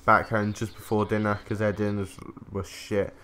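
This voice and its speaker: A man's voice: lowish voice, little pitch movement, normal speed, a bit bright, clean tone. A man, telling a rambling story during casual gameplay commentary, swearing casually. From England. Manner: rambling, chatty, self-interrupting, swears casually. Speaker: gaming commentator.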